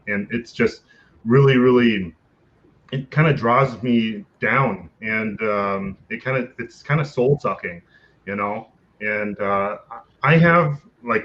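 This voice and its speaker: A man with a fairly low voice answers an interviewer over a video call, hesitant and full of fillers and restarts, and he laughs often. The audio is slightly dull and lo-fi. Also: a bit bright. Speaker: interview guest, content creator.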